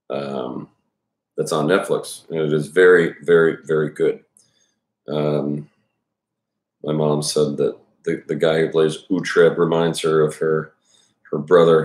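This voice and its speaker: A man's voice: a bass voice, reverberant. A man giving casual, rambling commentary before reading a novel chapter aloud, full of fillers and restarts. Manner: rambling, many restarts and fillers, self-deprecating.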